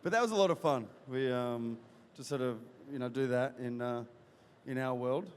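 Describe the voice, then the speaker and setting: A male actor chatting as a guest in an interview, talking in halting bursts full of fillers and restarts. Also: medium pitch. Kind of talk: casual interview chat. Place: convention event hall. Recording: reverberant hall with faint crowd ambience.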